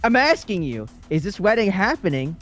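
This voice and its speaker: A man's voice: high voice, sing-song, moderate pace, fairly bright tone, faint music behind. A man co-hosting a live gaming stream, teasing and playfully complaining. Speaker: podcast co-host. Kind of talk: casual stream chat.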